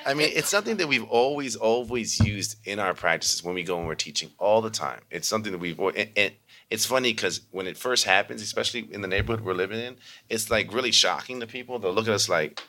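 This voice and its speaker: A man from Baltimore, a yoga and mindfulness teacher, telling stories in a chatty, animated way full of "you know.". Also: lowish voice, fast talker. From Baltimore, USA. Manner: animated, acts out quoted voices; frequent fillers like "you know". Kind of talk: conversational storytelling.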